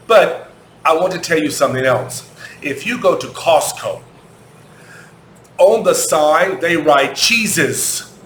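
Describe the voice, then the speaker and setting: Working as an English teacher, this American man leads a kids' lesson very slowly, repeating every question and spelling words out one letter at a time. His tone is slightly high and fairly bright, set against an echoey room and a faint hum.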